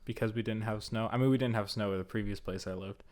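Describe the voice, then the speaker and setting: A man's voice: fairly low pitch, steady tone, quick pace, a little mellow. A young man co-hosting a casual podcast chat, rambling with frequent restarts and easy laughs. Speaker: podcast co-host.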